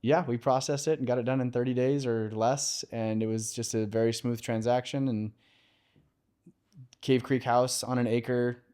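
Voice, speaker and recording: A man who is a podcast guest and mortgage lender, telling a personal story in an open, conversational way with filler pauses. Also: mid-range voice, level tone, warm tone, smooth.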